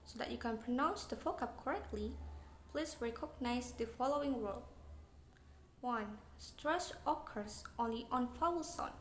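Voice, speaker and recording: Young Indonesian woman, student presenter, high voice, reads a lesson in a roomy space with faint hiss. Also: moderate pace. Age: young adult. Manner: plain, read-aloud explaining. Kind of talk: reading an English pronunciation lesson. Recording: echoey room, faint noise.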